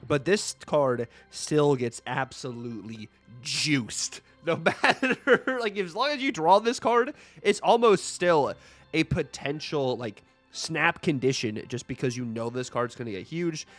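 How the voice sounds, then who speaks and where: A man hosting a casual chat, talking enthusiastically and quickly with casual fillers. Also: fairly high pitch, lively intonation, fairly bright tone, faint music behind. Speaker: host.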